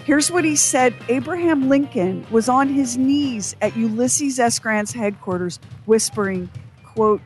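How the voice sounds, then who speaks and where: A woman's voice: fairly high pitch, a little slow, darkish tone, faint music behind. Radio co-host woman, storytelling. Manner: storytelling, reads sponsor copy. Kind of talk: casual radio banter.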